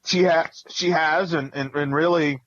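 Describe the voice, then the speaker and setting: A man's voice: on the high side, fairly even intonation, a little slow, fairly bright tone, no echo, muffled recording. A man co-hosting a sports podcast, talking through team records and stats in a rambling, analytical way. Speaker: podcast co-host. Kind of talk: casual sports talk.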